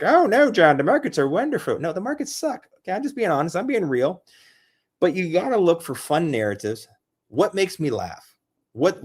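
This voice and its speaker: Young adult male, crypto livestream host; casual, excitable, repetitive, loose delivery. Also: mid-range voice. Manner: rambling, excitable, repeats himself. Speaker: crypto streamer.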